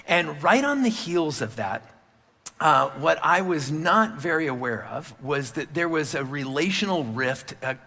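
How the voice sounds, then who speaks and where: A man preaches from the pulpit in a bright, forceful voice pitched a little high. He talks candidly and conversationally, with many fillers. His words trail off into a long reverb that fills the church sanctuary. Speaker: pastor. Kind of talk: sermon.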